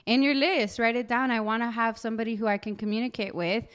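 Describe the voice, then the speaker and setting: Young adult woman, podcast co-host, animated storyteller, clear smooth tone. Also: on the high side, fast. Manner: animated storytelling, acting out quoted dialogue. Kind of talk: casual chat.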